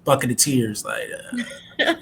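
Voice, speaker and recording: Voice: medium pitch, big pitch swings, measured pace, vocal fry, a little hiss or hum. Co-host chiming in with agreement. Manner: affirming, chiming in with short agreement. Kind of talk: casual podcast chat.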